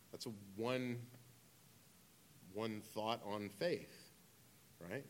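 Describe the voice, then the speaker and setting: A man's voice: mid-range voice, fairly quick. A man in his thirties preaching a conversational sermon, with humorous asides and casual phrasing. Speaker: pastor.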